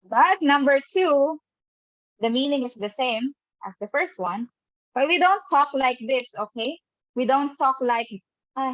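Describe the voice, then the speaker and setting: A woman's voice: high voice, expressive, measured pace, a bit bright, no room sound. A woman teacher running an online lesson who keeps checking in with the class by asking "right?". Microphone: webcam mic on a video call. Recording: dull, dry video-call audio.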